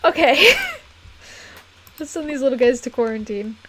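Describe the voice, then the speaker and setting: A woman's voice: on the high side, normal speed, mellow. Chatty, giggly woman streaming a game. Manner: chatty, giggly, rambling with many fillers. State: throat getting a little rough. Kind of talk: casual live-stream chat while playing. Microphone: desk mic in a closed room.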